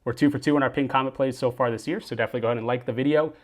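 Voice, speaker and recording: Fast-talking sports betting picks host. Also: male voice, steady tone. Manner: brisk, upbeat sign-off pitches. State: out of breath.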